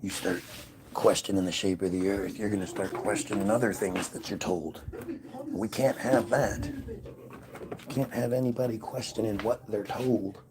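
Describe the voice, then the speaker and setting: A man's voice: fairly low pitch, steady tone, normal speed, noisy background. A man hosting his own livestream, musing aloud in a casual, rambling and sarcastic way from home. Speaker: livestream host.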